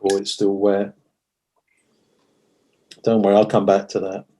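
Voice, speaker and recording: Teaching watercolour in a live demonstration, a man speaks in a lowish, mellow voice that is completely flat and a little slow. He chats and thinks aloud as he works, correcting himself mid-sentence with self-deprecating humour.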